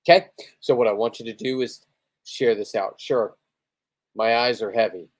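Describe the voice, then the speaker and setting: A man's voice: medium pitch, normal speed. A man chatting loosely on his own livestream, tipsy after a few beers, rambling, swearing freely and boasting about his day. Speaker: livestreaming spearfisherman. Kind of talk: casual livestream chat.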